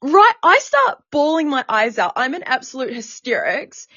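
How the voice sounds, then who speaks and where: Woman podcast host telling her story, blunt and animated, swears a lot, dull dry recording. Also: high voice, moderate pace, dry recording. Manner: frank, animated, swears freely. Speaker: podcast host and sex worker activist.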